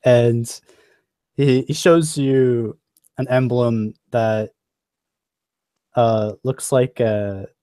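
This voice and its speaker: A man's voice: mid-range voice, warm tone, no echo. A man narrating as game master of a tabletop game, describing scenes unhurriedly with fillers.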